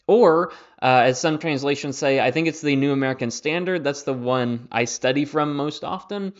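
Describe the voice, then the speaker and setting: A young man hosting a Bible study podcast, talking in a relaxed, conversational way with plenty of fillers and restarts. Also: a little high, normal speed, few pauses. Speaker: Bible teacher and podcast host. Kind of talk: casual Bible study talk. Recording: slightly dull lo-fi audio.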